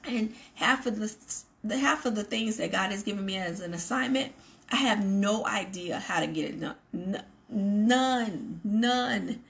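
A woman's voice: medium pitch, a little slow, vocal fry. A woman hosting a faith program, giving an earnest devotional talk to her viewers, repeating her points for emphasis. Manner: earnest, emphatic repetition and asides to the audience. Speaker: ministry show host.

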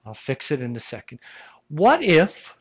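A science lecturer teaches a classroom full of students in an animated, emphatic way. The lecturer poses rhetorical questions and slips in jokes. The recording is dull and lo-fi, as if taped in the lecture room. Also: medium pitch, a little slow, husky.

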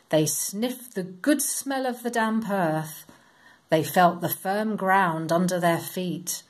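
A woman reading a Bible story aloud to children, in a slow, expressive, sing-song storytelling manner. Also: mid-range voice.

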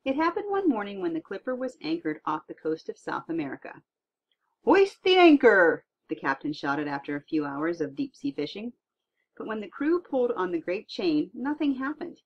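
Woman reading a storybook, voice swings up and down a lot, a bit husky, dull lo-fi sound. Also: on the low side, a little fast. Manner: lively expressive read-aloud. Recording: dull lo-fi recording.

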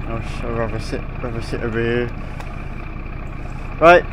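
A man's voice: medium pitch, moderate pace, long pauses, a bit bright, a little hiss or hum. A man giving casual, playful gameplay commentary, giggling often and putting on a silly voice to tease a game character. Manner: puts on a silly voice. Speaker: gaming video creator.

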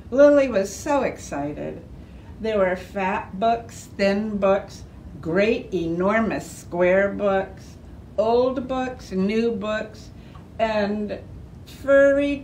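A woman's voice: medium pitch, a little mellow, slight background noise. A woman librarian reading a children's picture book aloud, lifting her voice for the dialogue. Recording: distant mic in an echoey room.

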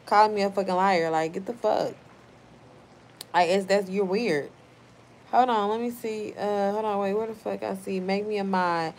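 Young woman streamer, tipsy, loud and profane, reads chat and cusses people out, faint room hum behind. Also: mid-range voice, steady tone. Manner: brash, profane, quick to snap at chatters. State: tipsy from wine. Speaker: livestream host reading chat. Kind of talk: casual livestream chat.

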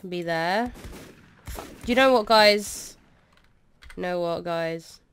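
A young woman playing a game and commenting, excitable and swearing as she shouts orders at her troops. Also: fairly low pitch, slow, smooth. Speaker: gaming streamer. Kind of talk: let's play commentary.

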